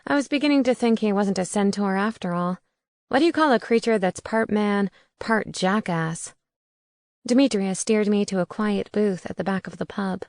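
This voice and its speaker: A woman's voice: mid-range voice, normal speed, a little mellow, dry recording. A woman narrating a first-person audiobook in a wry, conversational way on a close studio mic.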